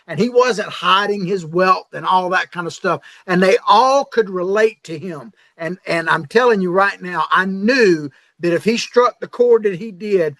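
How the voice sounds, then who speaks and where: A man's voice: sits high, bright, forceful tone, no room sound. A man co-hosting a podcast, telling stories about politics in an emphatic, insistent way. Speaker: podcast co-host. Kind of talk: casual political chat.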